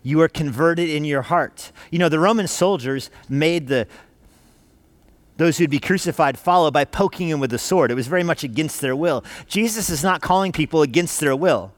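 A man's voice: on the high side, normal speed, dry recording. Emphatic male preacher, dry close sound. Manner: earnest, emphatic, punchy repeated short phrases. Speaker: pastor. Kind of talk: sermon. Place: church sanctuary.

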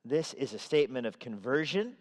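A man's voice: mid-range voice, very animated, brisk, darkish tone, long reverb tail. A man preaching a sermon in a conversational way, sometimes acting out the voices he quotes. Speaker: pastor. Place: church sanctuary.

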